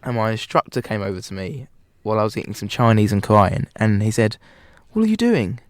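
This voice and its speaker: A man's voice: lowish voice, steady tone, quick pace, clean tone, dry recording. A young man co-hosting a student comedy radio show, joking and rambling in casual banter.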